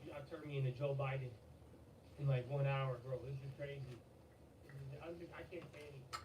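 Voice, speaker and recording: A man hosting a livestream, excitable and swearing, with a strained, fading voice and sudden shouts and laughter. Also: medium pitch, brisk, far from the mic. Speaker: livestream host. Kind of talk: hyped livestream chat. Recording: echoey, off-mic, with loud background noise.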